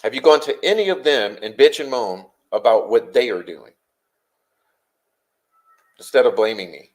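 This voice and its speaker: Replying to his chat, this male livestreamer launches into a combative, fed-up tirade laced with profanity and rapid rhetorical questions. His pitch sits in the middle range.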